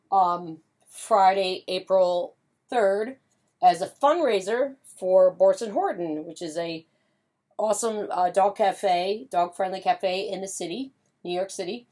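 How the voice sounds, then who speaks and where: A woman with a slightly mellow, mid-range voice chats through a casual watercolor demonstration. She paints pet portraits and teaches painting, staying upbeat, using lots of fillers, and humming little doo-doo tunes while she works.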